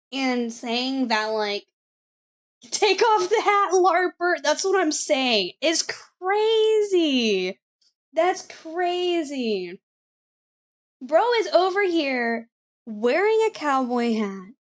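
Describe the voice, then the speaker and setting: A woman's voice: on the high side, a bit bright. A woman streaming live, chatting casually and bluntly with lots of swearing and repeated phrases. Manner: blunt and profane, repeats herself. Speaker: streamer reacting to clips.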